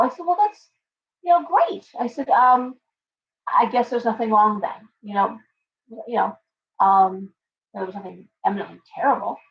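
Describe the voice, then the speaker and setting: A woman's voice: medium pitch, highs cut off, a little hiss or hum. A woman who runs a tarot shop, chatting casually on a live stream, rambling through stories and acting out her clients' lines.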